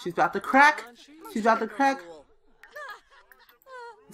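This let's play host plays a life-sim game, reading options aloud and playfully voicing the characters in casual commentary. Her voice is a little high and sharp, with lively intonation, a moderate pace and long pauses.

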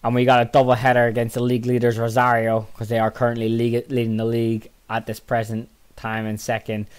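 A tired, yawning man commentating casually on his own football management game, muttering low between excitable outbursts. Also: quick pace, clear, resonant tone. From Northern Ireland. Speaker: gaming channel host.

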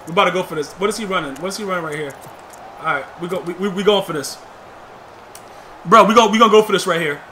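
A man calling his own game live in a very high, sharp-edged voice, full of slang and trash talk. He swings from muttered play calls to loud shouts at big plays. The delivery is loose and excitable. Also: fast talker, pauses often, slight background noise. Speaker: gamer. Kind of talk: live gameplay commentary.

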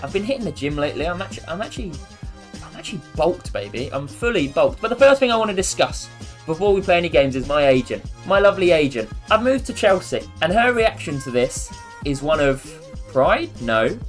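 A man giving casual, joking commentary over a football video game, rambling and poking fun at himself. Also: on the high side. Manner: animated, jokey, rambling and self-mocking. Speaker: gaming YouTuber.

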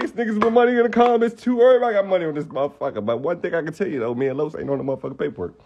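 Young man, live stream rant, profane, heated, rhetorical questions, slightly high voice. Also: lively intonation, fast, darkish tone, highs cut off. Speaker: livestreamer. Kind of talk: ranting live stream monologue.

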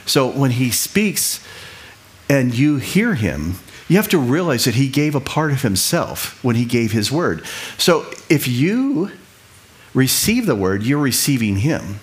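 A man's voice: mid-range voice, very animated. Conversational middle-aged male preacher. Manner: conversational, repeats himself, quick asides and laughs. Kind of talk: sermon teaching.

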